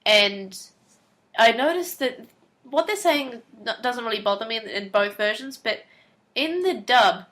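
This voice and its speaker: A woman's voice: fairly high pitch, animated, a little slow, a bit bright. A woman co-hosting a podcast, chatting casually as she recaps episode plots and quotes characters. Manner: chatty, recaps plot and acts out lines in quotes. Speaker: podcast co-host. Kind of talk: casual chat.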